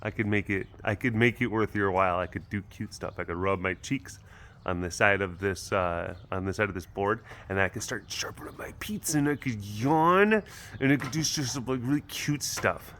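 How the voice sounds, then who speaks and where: A man's voice: on the low side, normal speed, fairly bright tone, slight background noise, close to an everyday voice. A man voicing a flirty female lynx who begs for attention, coaxing and teasing in a put-on Russian accent. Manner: coaxing, sing-song, teasing.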